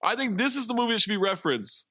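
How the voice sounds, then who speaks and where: A man co-hosting a podcast, excitedly retelling movie jokes and laughing along. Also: high voice, rapid-fire, husky, dry recording, lo-fi sound. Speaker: podcast co-host. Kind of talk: casual movie recap chat.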